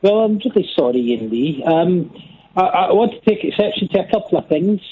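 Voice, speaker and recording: A man's voice: high voice, animated, fairly quick, slight background noise. A man calling in to a radio show, polite but hesitant and aggrieved. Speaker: caller. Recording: tinny phone line.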